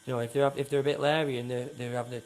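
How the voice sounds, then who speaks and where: A man's voice: mid-range voice, flat delivery, racing, darkish tone, a little hiss or hum. A man, a neighbourhood patrol founder, talking bluntly and swearing in a casual interview. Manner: blunt, sweary, repeats himself, acts out quotes.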